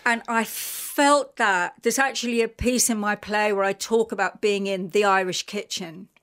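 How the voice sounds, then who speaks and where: A middle-aged woman with a London accent, a radio guest telling an animated, emotional story with many fillers. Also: mid-range voice, normal speed, clear, resonant tone. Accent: London English. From England. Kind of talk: casual radio interview chat.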